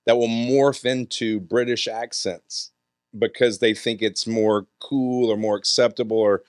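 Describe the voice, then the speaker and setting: Brief: Southern host, joking, mid-pitched voice, dry close sound. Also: male voice, fairly even intonation, unhurried, clear, resonant tone, no echo. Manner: joking, teasing questions. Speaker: podcast host. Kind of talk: casual interview. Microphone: podcast studio microphone.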